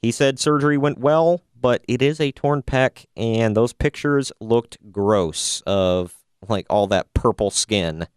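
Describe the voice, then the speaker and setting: A man's voice: medium pitch, takes it slowly, few pauses, clean tone, no echo, studio quality. A man hosting a casual wrestling news podcast, wry and opinionated, often laughing at his own jokes. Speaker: podcast host.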